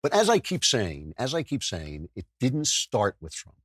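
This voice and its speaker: A man's voice: mid-range voice, huge pitch swings, moderate pace, fairly bright tone, husky, no room sound, studio quality. A man hosting a political talk show, delivering a sardonic, self-mocking monologue with frequent stumbles and restarts. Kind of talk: podcast monologue with ad read.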